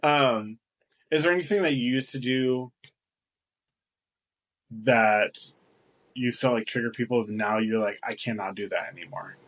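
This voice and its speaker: A man's voice: medium pitch, a little slow, long pauses. A man co-hosting a casual podcast chat, loose and jokey, swearing and laughing often. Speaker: podcast co-host.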